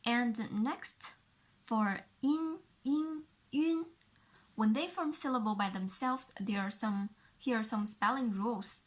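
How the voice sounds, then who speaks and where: A woman teacher with a Chinese accent, her voice sitting a little high. She speaks slowly and deliberately, explaining pronunciation step by step and repeating each sound for the learner. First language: Mandarin Chinese. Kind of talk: pinyin pronunciation lesson.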